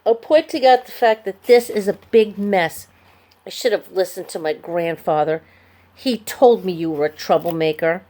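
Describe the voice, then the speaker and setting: A woman's voice: lowish voice, normal speed, warm tone, lightly acted. A woman voicing a frantic young boy who scolds in a screechy voice, reading a storybook aloud. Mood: angry. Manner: screechy, accusing.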